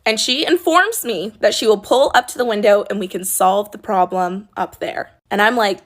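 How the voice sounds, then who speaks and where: A young woman in a casual storytime, speaking at a middle pitch. She is blunt and sassy, and she swears freely as she tells it. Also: normal speed, hardly any pauses. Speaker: former coffee shop worker.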